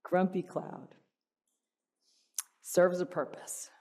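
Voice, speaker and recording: A woman's voice: on the low side, drawn-out words. A woman giving an inspirational talk at a church gathering, telling a personal story in a conversational way and often asking the audience questions. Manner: animated and playful, acts out a dialogue with her child. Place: stage in a church hall before an audience.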